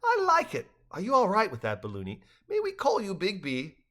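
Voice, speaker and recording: A man doing an eager, squeaky pet called Gerald. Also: a little fast, full character voice. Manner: excitable, breaking into laughs. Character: male pet with a food bowl, eager and affectionate.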